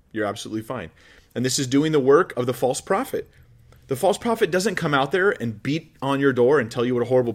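Male pastor, mid-pitched, chatty sermon delivery with playful asides and acted-out quotes. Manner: conversational, joking asides, acts out quoted voices.

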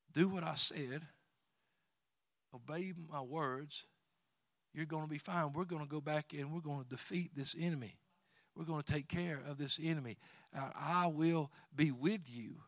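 A man voicing God as a stern, exasperated father urging someone to get up, in low, hushed, firm tones. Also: dry recording, studio quality, lightly acted.

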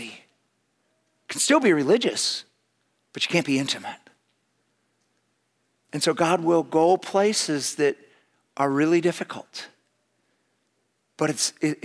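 A man preaching a sermon, swelling loudly on key words and dropping to near-whispers, reading quoted passages with rising fervor. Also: on the high side.

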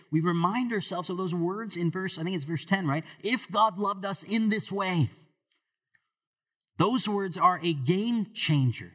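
A man's voice: high-pitched, lively intonation, measured pace, slightly rough. A man preaching a sermon as pastor, talking casually with asides, then building to emphatic, raised peaks.

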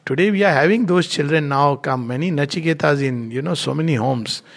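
Middle-aged man, spiritual teacher, slightly high gravelly voice, lively storyteller who laughs often. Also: a little fast. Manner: animated, laughs often, acts out quoted speakers. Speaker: spiritual lecturer. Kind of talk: lecture with storytelling.

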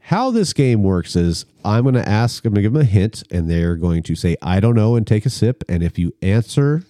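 A low-voiced man hosting a joking beer-tasting chat, his pitch moving lively up and down. His tone is mellow and dark, and the sound is dry and close. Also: moderate pace, dry recording. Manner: jokey, laughs often, leads the segments. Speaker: podcast host.

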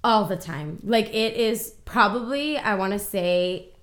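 A young woman co-hosting a podcast in casual chat, excitable and laughing often, swearing freely and acting out quotes. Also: mid-range voice, unhurried. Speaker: podcast co-host.

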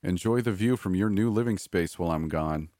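A man voicing a cruel, smug man who holds a captive, speaking calmly and condescendingly in a scripted horror story. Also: low voice, brisk, no echo, studio quality, natural voice. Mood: menacing. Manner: calm, cold, condescending.

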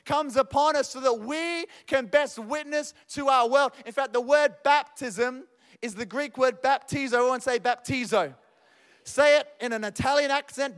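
High-voiced energetic young male preacher. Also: smooth. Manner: energetic storytelling preacher, acts out dialogue. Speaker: pastor. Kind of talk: sermon.

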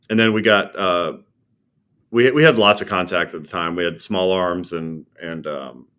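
A middle-aged man with a deep, low voice tells of his combat days as a former army commander. His speech is conversational and halting, full of pauses, fillers and restarts. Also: fairly bright tone. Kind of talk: personal war recollection, conversational.

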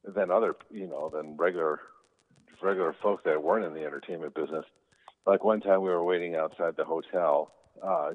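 A man, an actor, telling easygoing, rambling anecdotes as an interview guest, with many fillers. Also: sits low. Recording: tinny phone-like sound.

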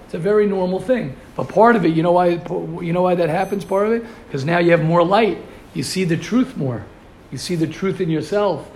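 A man's voice: high-pitched, brisk, darkish tone, slight background noise. A man teaching a Torah class, asking rhetorical questions and mixing in Hebrew and Yiddish terms. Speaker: yeshiva teacher.

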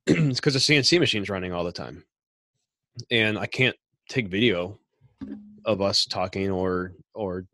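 A middle-aged machine shop owner talks casually on a podcast, rambling with frequent restarts and clearing his throat. His voice is fairly low in pitch yet fairly bright, with no echo.

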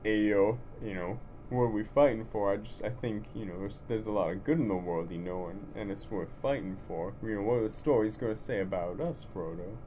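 A man voicing an earnest, gruff male boxer hero in a comedic impression, mumbling with lots of filler words. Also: fairly low pitch, moderate pace, a little mellow, a little hiss or hum, natural voice. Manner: mumbled, full of "you know" fillers.

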